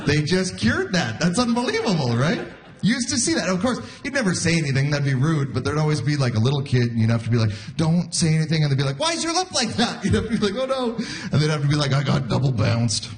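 A man's voice: fairly high pitch, very animated, quick pace. A man in his forties doing a stand-up comedy set, acting out quoted voices and laughing at his own jokes. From Canada. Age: 40s. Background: audience laughter.

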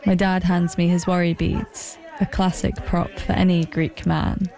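A young woman tells her own story in a wry, self-deprecating documentary voice. Her tone is mellow and gravelly, pitched a little low, with soft music beneath. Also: level tone, a little slow, a faint crowd. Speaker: documentary narrator. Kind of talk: personal documentary narration.

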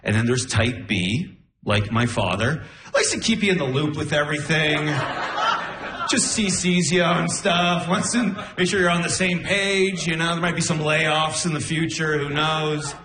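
A man doing a stand-up comedy set, telling stories with animated, incredulous outbursts. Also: a little slow, crowd noise. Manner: animated storytelling, jumping into high-pitched incredulous outbursts. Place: comedy club stage. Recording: roomy live venue sound. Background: audience laughter.

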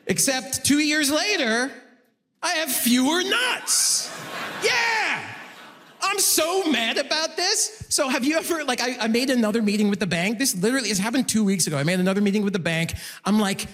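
Animated high-voiced comedian. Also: male voice, moderate pace. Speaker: stand-up comedian. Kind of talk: stand-up comedy set. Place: large concert hall on stage. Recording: live hall reverb. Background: audience laughter.

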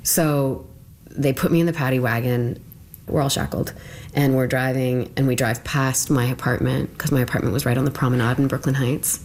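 Very low-voiced young woman recalling. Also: fairly even intonation, normal speed, darkish tone, a little hiss or hum. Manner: conversational, full of fillers. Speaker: interviewee. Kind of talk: personal recollection in an interview.

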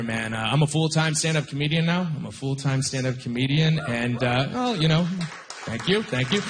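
A man's voice: medium pitch, noisy background. A young man from Nova Scotia doing a stand-up comedy set, casual and chatty, often laughing at his own jokes. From Canada, Nova Scotia. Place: comedy stage with live audience.

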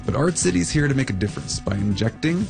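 A man's voice: medium pitch, sing-song, fast talker, vocal fry, music in the background. A man co-hosting a radio show, telling an upbeat, playful on-location story. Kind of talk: feature reporting on location.

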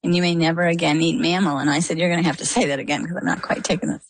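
A woman's voice: fairly low pitch, fairly even intonation, racing, husky, no echo, poor audio. A woman guest in an interview, animatedly telling a personal story and acting out the voices of the people in it. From Maine, US.

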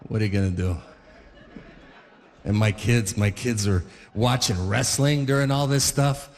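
A man's voice: fairly low pitch, a little slow, darkish tone, long reverb tail. A man in his forties doing stand-up comedy, rambling and restarting his sentences with chuckles. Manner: rambling, self-interrupting, chuckling.

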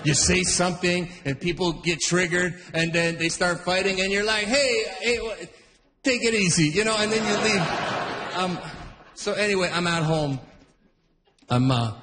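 A middle-aged male comedian performs a stand-up set, rambling through stories and breaking off mid-sentence. His voice is high and his pace normal, with a long reverb tail and crowd noise in the background.

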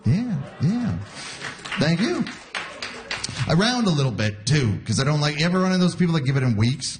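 Lively forty-something man doing stand-up. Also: on the high side, moderate pace, background noise. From Canada. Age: 40s. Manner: laid-back storytelling, laughing at his own jokes. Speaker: stand-up comedian. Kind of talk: stand-up comedy set. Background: audience laughter.

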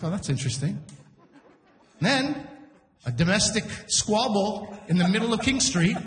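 A man hosting a live comedy show, telling a story on stage in a chatty, animated way, acting out the people in it. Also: high-pitched. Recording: echoey hall from a distance.

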